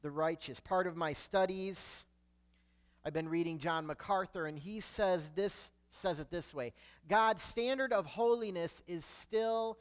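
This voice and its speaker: A pastor delivers a sermon a little slowly and smoothly, speaking emphatically. He swells loud on key words and drops low and quiet as his phrases end.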